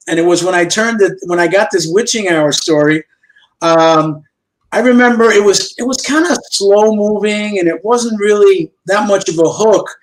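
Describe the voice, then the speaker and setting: An older comic book artist with a high voice tells anecdotes as a guest in a chat show interview over a remote video call, and the recording is low quality. He narrates in a lively way, repeatedly slipping into the voices of people in his tales.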